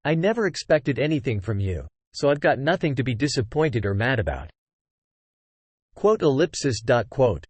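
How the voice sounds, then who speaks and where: A cold, scornful young woman warrior, voiced by a male narrator who brushes people off with a dismissive air. The pitch moves in lively swings. The recording is dry and close. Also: normal speed, breathy edge, no room sound.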